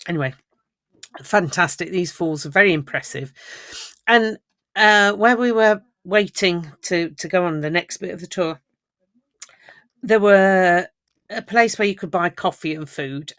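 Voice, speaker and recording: A woman co-hosting a podcast, telling travel stories in lively casual chat and laughing often. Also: lowish voice, dry recording, clean studio sound. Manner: chatty, animated storyteller who laughs often. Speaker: podcast co-host.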